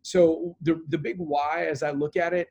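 Earnest man with a fairly high voice. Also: level tone, moderate pace, darkish tone, lo-fi sound. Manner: earnest, many fillers and repeated words. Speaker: business owner and interview guest. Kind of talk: conversational interview answer.

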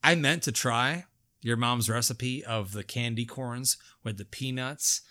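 A man hosting a podcast in casual chat, excitable, jokey and full of swearing. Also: medium pitch, unhurried. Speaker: podcast host.

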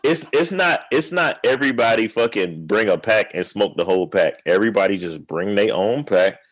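A man with a fairly low voice co-hosting a casual podcast, emphatic and profane, often saying "bro". His voice sounds dry and close to the mic. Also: lively intonation, moderate pace, dry recording. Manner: loud, emphatic, swears a lot, says "bro". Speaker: podcast co-host. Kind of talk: casual chat.

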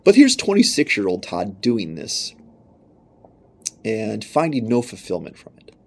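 A man's voice: fairly low pitch, huge pitch swings, measured pace, gravelly, a little mellow. A young man preaching a sermon, telling his own story in an earnest, emphatic way.

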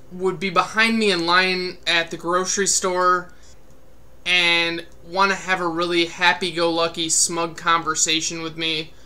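Bright-voiced, irritated podcast reviewer. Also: medium pitch, clear, resonant tone. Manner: irritated, profane, sarcastic ranting. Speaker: movie review podcast host. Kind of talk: casual spoken review rant.

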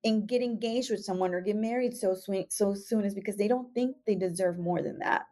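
A young woman speaks in a mellow, warm voice at a medium pitch. She talks candidly and reflectively in a casual chat, earnest and emphatic as she makes her point. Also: fairly quick.

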